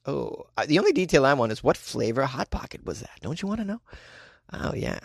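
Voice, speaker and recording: Man, comic news host, jokey and laughing, slightly high voice, dry. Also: lively intonation, brisk, creaky, a bit bright, no echo. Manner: wisecracking, laughs often, riffing asides. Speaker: podcast host. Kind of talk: comedic news commentary.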